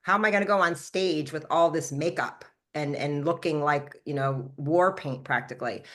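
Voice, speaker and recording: Talking quickly and with plenty of energy, this woman in her fifties recounts her skincare journey to a live call. She formulates and promotes the product, and she reenacts what she once said by pitching her voice up.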